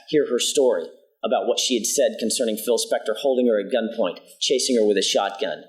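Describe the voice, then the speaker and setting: A man delivering a prosecutor's opening statement in a courtroom, retelling events in a measured, emphatic way and quoting dialogue. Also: mid-range voice, rough recording.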